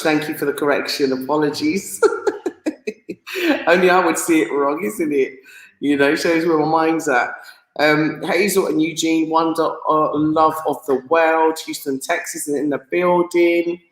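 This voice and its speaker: Chatty woman live-streaming in an echoey room. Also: low-pitched. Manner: chatty and excitable, laughs often, stumbles over names. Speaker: livestream host reading viewer comments. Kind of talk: casual live stream chat. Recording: roomy echo.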